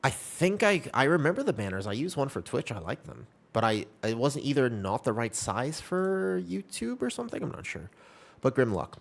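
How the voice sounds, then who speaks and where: A man's voice: medium pitch, very animated, moderate pace, creaky. A young man streaming a game, chatting casually with his viewers in a rambling, upbeat and reassuring way. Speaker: live streamer. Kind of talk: casual live-stream chat.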